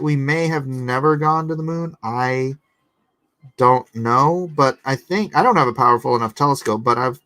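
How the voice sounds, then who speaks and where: A man's voice: mid-range voice, fairly bright tone, no echo. A man hosting a casual livestream, reading chat comments aloud and answering them with rambling, sarcastic talk and frequent laughter. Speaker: livestream host and artist.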